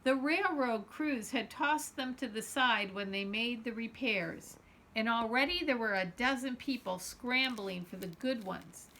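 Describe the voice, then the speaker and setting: A woman reading a children's novel aloud in an expressive first-person storytelling voice. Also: on the high side, a little slow, slight background noise. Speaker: storytime reader.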